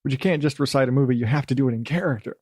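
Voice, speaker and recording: A man's voice: medium pitch, rapid-fire, a little mellow, no echo, clean studio sound. A middle-aged man hosting a solo podcast, rambling and self-deprecating, swearing casually and dropping into silly voices now and then. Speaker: podcast host.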